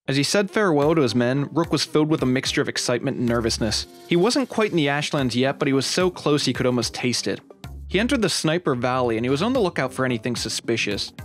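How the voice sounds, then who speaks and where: A man's voice: mid-range voice, very animated, fast talker. Upbeat male storyteller over faint music. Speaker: channel host and narrator. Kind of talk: storytelling narration of a game playthrough.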